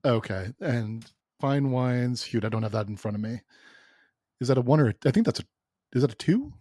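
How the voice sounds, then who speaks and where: A man player in a tabletop role-play session who speaks hesitantly and soothingly, often restarting his sentences. His voice sits at a middle pitch. The sound is dry and close. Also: lively intonation, a little fast, mellow, no room sound. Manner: hesitant, placating, with frequent restarts.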